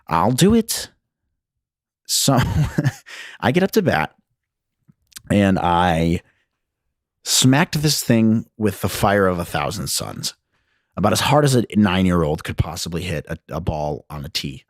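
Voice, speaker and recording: Rambling man with a low, lively voice. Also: a little slow, long pauses, dry recording, studio quality. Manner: rambling, self-deprecating, laughs often. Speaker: podcast host. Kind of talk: casual solo podcast storytelling. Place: his old high school bedroom.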